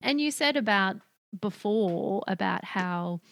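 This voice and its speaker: A woman's voice: medium pitch, animated, slow, gravelly, fairly bright tone. A woman hosting a casual interview, thoughtful and hesitant, with many fillers. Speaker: podcast host.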